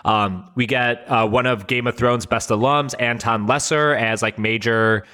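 Bright-voiced man, enthusiastic podcast chat. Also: medium pitch, fairly even intonation. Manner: enthusiastic, filler-heavy, slows to stress points. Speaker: podcast co-host. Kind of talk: casual chat.

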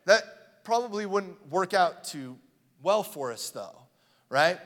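A man's voice: sits high, lively intonation, takes it slowly, fairly bright tone. A man in his thirties preaching a sermon as pastor, in a loose, joking storytelling way with plenty of fillers, recorded in a church hall. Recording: long hall reverb.

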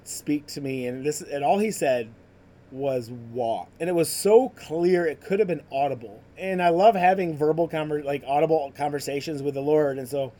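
A man's voice: a little high, moderate pace, warm tone. A man hosting a podcast, telling his personal faith story in a casual, conversational way with many fillers. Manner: conversational, full of "like" and "you know" fillers. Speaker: podcast host sharing his ministry story.

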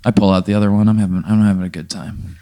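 A man's voice: fairly low pitch, fairly even intonation, very fast, dark tone. A man playing along in an improvised comedy scenario, joking and smart-mouthed. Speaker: player. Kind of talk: improvised comedic role-play.

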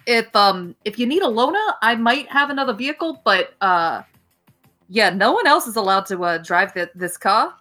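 A woman's voice: fairly high pitch, sing-song, normal speed, sharp tone, soft background music. A young woman narrating a tabletop game as game master, casual and profane, voicing many characters.

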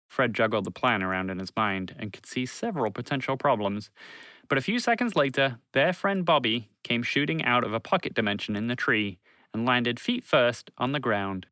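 A man narrating a children's story in an expressive, warm reading voice. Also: mid-range voice, normal speed, clean tone, no echo.

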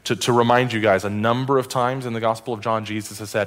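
A man's voice: fairly low pitch, steady tone, fast talker, hardly any pauses. A male pastor preaching a sermon, reading scripture aloud and adding wry, conversational asides and questions to the congregation.

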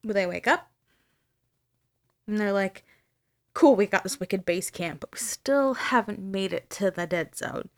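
Lady host telling a story, doing everyone's lines, swears a lot, normal pitch. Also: unhurried, pauses often. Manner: animated retelling, acting out quoted dialogue, casual swearing. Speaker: podcast host. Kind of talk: casual storytelling chat.

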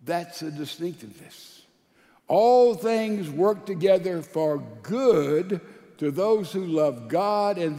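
A man, a pastor, preaching a sermon with emphatic swings between loud and soft delivery. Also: high-pitched, long reverb tail.

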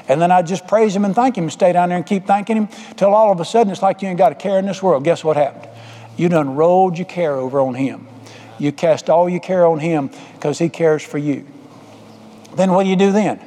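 A man's voice: high voice, mellow. An older man preaching a folksy, humorous sermon full of stories. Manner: folksy, humorous, drawling storyteller. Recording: echoey hall.

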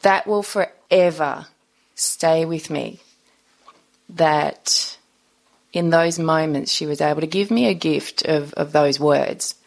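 A middle-aged woman speaks as a guest on an interview podcast. She tells her story in an earnest, reflective and unhurried way. Her voice sits low, with a creaky, gravelly edge.

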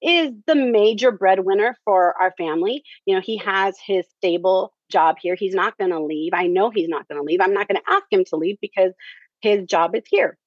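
A woman's voice: medium pitch, normal speed, husky, no room sound. A woman telling her story in a chatty, conversational way, often leaning on "you know" and "um". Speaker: theater director, interview guest. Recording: dull lo-fi, dry.

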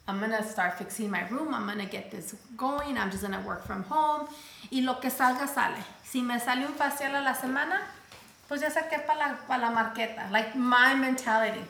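Slipping between Spanish and English mid-sentence, a woman shares a personal story casually, performing the voices of people she quotes as she becomes emotional. Her slightly high, somewhat bright voice echoes in the room.

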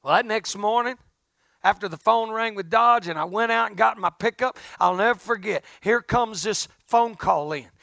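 High, gravelly preacher man. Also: normal speed, dry recording, studio quality. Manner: folksy, swings from hushed to loud. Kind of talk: storytelling sermon.

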